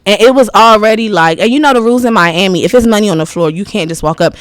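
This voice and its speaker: A woman's voice: mid-range voice, quick pace, dry recording. A woman in her thirties, a podcast guest telling stories in a candid, rambling way, laughing often. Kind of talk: casual interview storytelling.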